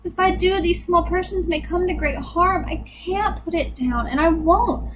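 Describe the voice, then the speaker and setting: A woman's voice: very high voice, unhurried, noisy background, pitched above the performer's own voice. A woman voicing a kind, earnest male elephant who speaks in a pleading, sincere way.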